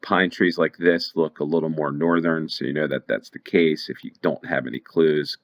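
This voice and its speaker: A man's voice: extremely low pitch, fairly even intonation, normal speed. A man giving casual play-along commentary on a geography game, thinking aloud and rambling as he goes.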